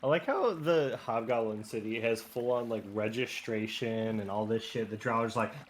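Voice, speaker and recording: A man's voice: medium pitch, moderate pace, few pauses, a little hiss or hum. A man chatting casually as a player at a tabletop game, joking and swearing freely. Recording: faint background music.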